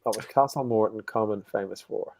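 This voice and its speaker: A man hosting a casual live quiz, joking around and repeating each question slowly. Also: fairly low pitch, a little mellow, a little hiss or hum. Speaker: quiz host.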